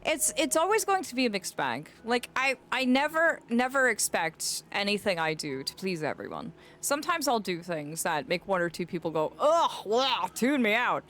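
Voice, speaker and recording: Chatty woman streamer with lively pitch. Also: normal speed, hardly any pauses. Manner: chatty, rambling, talks to chat with endearments. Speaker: streamer playing a game. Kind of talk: casual live-stream chat.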